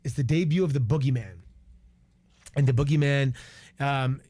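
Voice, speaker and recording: A man's voice: mid-range voice, normal speed, dark tone, no room sound. A man in his forties from Canada, a retired wrestler, telling a story as a radio guest in a candid, profane way. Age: 40s. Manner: candid and profane, lots of restarts and quoted asides. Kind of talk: animated storytelling on a radio show. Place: radio studio.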